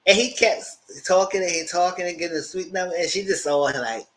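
A man giving a casual, animated recap of a reality show, acting out quotes in a squealing high voice and breaking into loud laughs. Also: fast, poor audio. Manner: loud laughs and shouted asides. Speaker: TV show reviewer.

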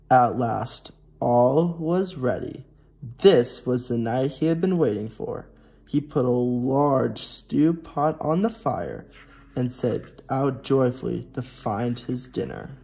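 A teenage boy reads a picture book aloud to small children. He speaks slowly and gently, with a mellow, slightly husky voice. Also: medium pitch, animated. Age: teens. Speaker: storybook reader. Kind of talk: reading a picture book to preschoolers.

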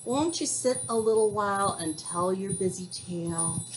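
A woman's voice: mid-range voice, moderate pace, background noise, lightly acted. A woman voicing a sweet mother bunny. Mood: tender.

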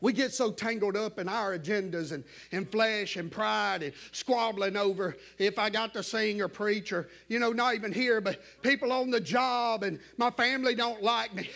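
A man preaching a fervent sermon, swinging between shouted climaxes and hushed asides. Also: sits high, moderate pace, creaky, hardly any pauses.

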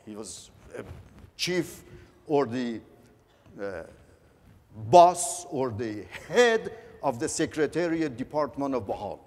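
A man giving a conference talk, halting and earnest, often repeating words as he goes. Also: medium pitch, big pitch swings, a little mellow. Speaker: conference speaker. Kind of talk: lecture on religious history. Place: large conference hall. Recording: echoey conference hall.

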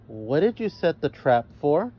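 A man's voice: fairly high pitch, very animated, unhurried, lo-fi sound, slight background noise. A man playing a breezy, carefree girl. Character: carefree, thrill-seeking girl.

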